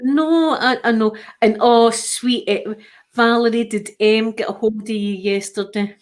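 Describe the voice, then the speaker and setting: A woman's voice: a little high, fairly even intonation, a little slow. A Scottish woman hosting a casual livestream chat, rambling with lots of restarts. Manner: chatty, rambling, frequent restarts. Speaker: livestream host.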